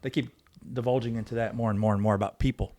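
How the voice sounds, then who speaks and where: Fast talking guy on a podcast, swears a lot, acts out the argument himself. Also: mid-range voice. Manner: animated, profane, acts out both sides of arguments. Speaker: podcast guest. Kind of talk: casual storytelling.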